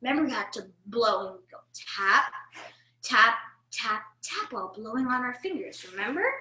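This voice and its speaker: A woman reading a picture book aloud to young children, in a coaxing, animated way that speaks straight to them. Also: on the high side, normal speed, reverberant. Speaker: children's storyteller.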